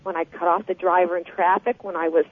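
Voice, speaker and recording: A woman guest telling a story with lively, animated energy in a radio interview, heard over the phone. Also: fairly low pitch, fast, husky. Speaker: guest author. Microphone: telephone. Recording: tinny phone line.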